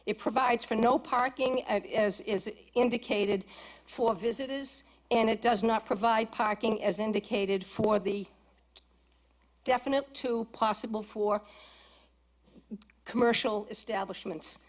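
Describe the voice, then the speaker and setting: A woman's voice: on the high side, fairly even intonation, measured pace. A woman resident giving public comment at a city council hearing, reading from documents with frequent hesitations. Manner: hesitant, reads from application with many ums. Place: council chamber.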